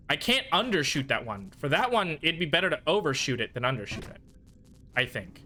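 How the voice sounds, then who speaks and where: Lively bright-voiced male streamer. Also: a little high, moderate pace. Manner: frustrated, self-soothing muttering between bursts. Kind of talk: casual gaming stream commentary.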